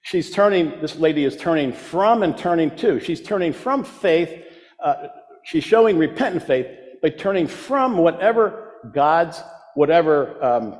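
A man's voice: a little high, animated, unhurried. A man preaching a sermon, emphatic, repeating his key phrases for weight. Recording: long reverb of a large hall.

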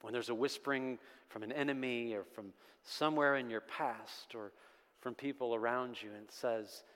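A man's voice: mid-range voice, moderate pace, a bit bright. A man preaching a sermon to a congregation, emphatic and building through repeated refrains. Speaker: pastor. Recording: long hall reverb.

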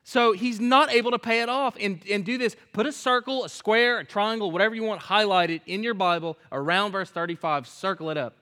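A man preaching a sermon in a church, reading scripture aloud and acting out its lines, swinging from loud emphasis to hushed whispers. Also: high-pitched, a little fast, few pauses. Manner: reads scripture aloud and acts out the characters' lines. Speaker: pastor.

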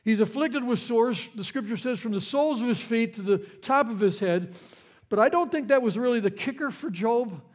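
A man's voice: very high-pitched, lively intonation, moderate pace. A man preaching a sermon in a conversational way, often restarting his words and acting out quotes. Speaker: pastor.

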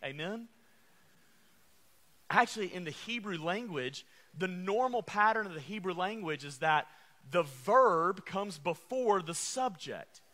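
A man's voice: high-pitched, lively intonation, measured pace, sharp tone. A man preaching a sermon, calling out to the congregation and repeating refrains. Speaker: pastor.

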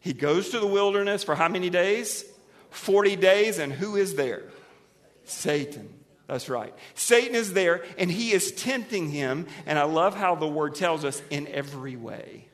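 A man's voice: high voice, a little slow. Preaching man in a reverberant hall. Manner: animated preaching that swings from hushed to emphatic; asks the congregation questions and has them repeat words. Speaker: pastor. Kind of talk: sermon. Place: church sanctuary.

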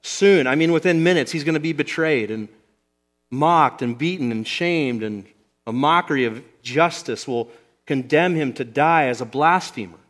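A male pastor delivers a sermon with earnest conviction, his voice sitting a little high. He stretches out the phrases he most wants to land. He speaks in front of a church congregation. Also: a bit bright. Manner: earnest, emphatic, slows on key phrases. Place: church service before a congregation.

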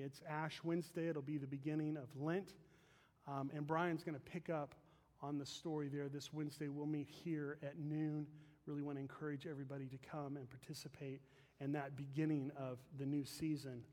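A man's voice: a little high, a little mellow. A man preaching a sermon as pastor, earnest and emphatic, speaking in a church sanctuary. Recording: long reverb of a large hall.

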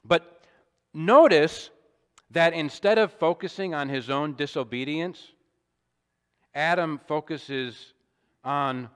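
A man preaching an expository sermon in a measured, deliberate way, with emphatic rises and small restarts. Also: mid-range voice, clean tone. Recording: long hall reverb.

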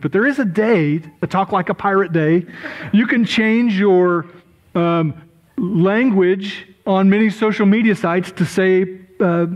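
High-voiced pastor, chatty and apologetic. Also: male voice, low-quality recording. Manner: self-deprecating, chatty asides with frequent apologies. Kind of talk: sermon.

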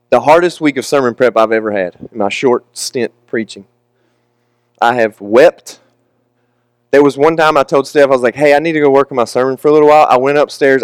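A man's voice: medium pitch, clear, resonant tone, dry recording. A young man preaching a candid, emotional, confessional sermon with casual asides.

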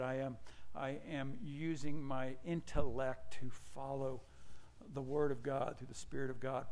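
A man preaching a sermon as a pastor, whose voice sinks low and quiet on his key points and lifts when he tells stories about himself. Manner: drops his voice at points of emphasis; animated storytelling with self-deprecating asides.

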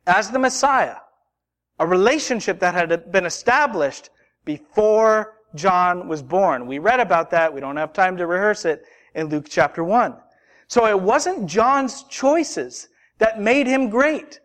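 A male pastor delivers a sermon in a high voice at an unhurried pace. He speaks earnestly and drives his points home by repeating phrases. His delivery is deliberate and measured. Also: fairly bright tone. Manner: earnest, builds emphasis through repetition.

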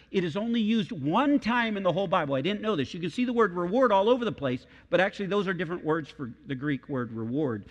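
A middle-aged man preaching a sermon as pastor, emphatic and repeating key phrases for weight. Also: on the high side. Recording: long hall reverb.

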